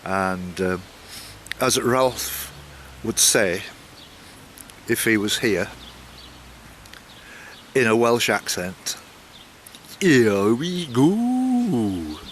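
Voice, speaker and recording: A man's voice: lowish voice, very slow, pauses often, a bit bright, a little hiss or hum. An older man talking in a rambling, chatty vlog style as he sets off on a long walk and chats with locals, full of asides and restarts. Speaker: walking vlogger. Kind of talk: casual vlog chat.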